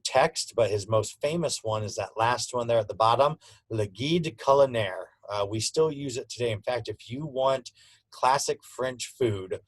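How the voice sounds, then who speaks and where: A man's voice: lowish voice, no echo, low-quality recording. A man teaching a culinary school class in a casual, conversational lecture with frequent fillers. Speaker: culinary instructor.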